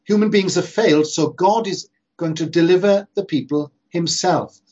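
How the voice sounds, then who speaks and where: A preacher delivers an emphatic sermon, leaning hard on slow, repeated phrases. His voice is somewhat husky and sits a little high. The recording sounds dull and lo-fi. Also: a little mellow. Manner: earnest, emphatic preaching with slow stressed repetitions.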